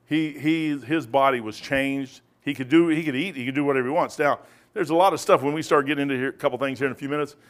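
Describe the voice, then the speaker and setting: A man's voice: mid-range voice, fast. A man, a pastor, teaching a casual Bible study in a rambling, conversational way, often throwing in "man.".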